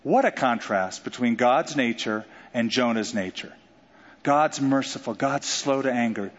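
A man preaching a sermon in an animated way, joking and acting out quotes. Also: medium pitch, a little slow. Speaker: pastor. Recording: dull sound with long hall reverb.

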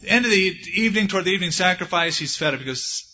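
Preacher man telling a bible story folksy, higher voice, dull old recording. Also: very fast. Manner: folksy storytelling, acts out quotes with lively swings. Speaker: pastor. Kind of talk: sermon.

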